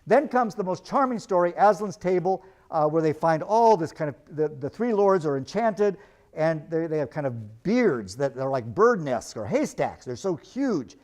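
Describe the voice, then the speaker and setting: Male lecturer, lively storyteller reading passages aloud, voice sits a little high. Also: moderate pace.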